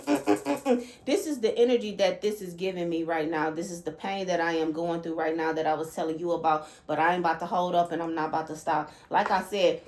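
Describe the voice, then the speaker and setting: A woman hosting her channel, giving a casual spiritual card-reading talk in an emphatic way and checking in with "okay?" after nearly every point. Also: mid-range voice. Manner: emphatic, keeps adding "okay?" and "all right?". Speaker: channel host, card reader.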